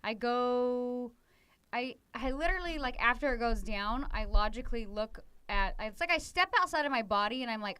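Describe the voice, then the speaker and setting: A woman's voice: a little high, lively intonation, normal speed, sharp tone, smooth, dry recording. A middle-aged woman co-hosting a podcast, chatting casually with her husband, acting out quoted lines and saying 'like' often. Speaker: podcast co-host.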